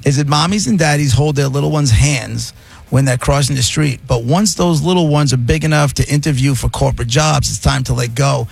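A middle-aged man hosting a radio talk show, reading headlines aloud and riffing on them in animated casual chat. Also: mid-range voice, brisk, vocal fry, husky, no echo.

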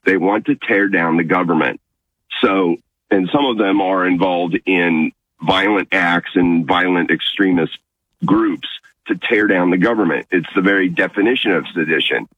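A man calling a radio show, making his point in an earnest, measured way. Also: sits low, no echo. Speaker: caller. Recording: tinny phone line.

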